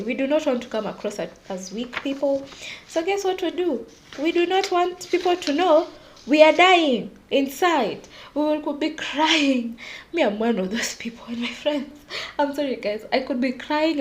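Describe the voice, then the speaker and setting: A young woman talks to her listeners in a casual solo podcast. Her voice sits high, and her delivery is animated and confiding as she laughs at herself. She sounds like a host opening up about her own life. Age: young adult.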